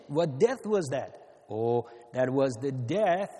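Slow, mellow preacher in an echoing hall. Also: male voice, medium pitch, big pitch swings. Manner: slow, earnest preaching with repeated phrases and emphatic rises. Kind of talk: sermon. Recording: long hall reverb.

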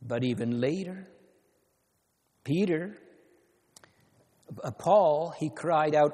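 A man preaching slowly in a warm, mellow voice, pitched a little high for a man. His sermon is earnest and repetitive, with emphatic rises. Long reverb from a church hall rings around every word. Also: animated.

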